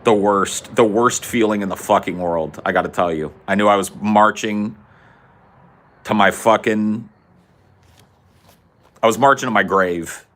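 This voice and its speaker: A man hosting a podcast, telling a funny story in an animated, profane way. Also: lowish voice, measured pace, pauses often. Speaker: podcast host. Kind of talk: comedic storytelling.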